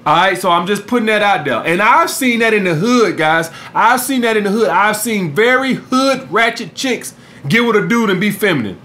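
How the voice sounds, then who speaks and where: A man's voice: high voice, expressive, normal speed, sharp tone. A man giving dating advice in a podcast monologue, blunt and profane, who keeps saying "guys" and "all right?" to his listeners. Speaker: dating coach and podcast host.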